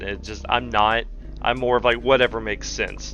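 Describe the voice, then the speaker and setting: A man's voice: fairly low pitch, a little fast, sharp tone, soft background music. A man in his thirties ranting bluntly and sarcastically in a profane commentary video. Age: 30s. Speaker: commentary channel host.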